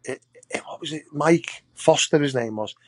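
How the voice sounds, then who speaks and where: A man's voice: on the high side, moderate pace, no room sound. A man, a wrestler guest on a podcast, telling long casual anecdotes that ramble and restart often. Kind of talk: casual storytelling.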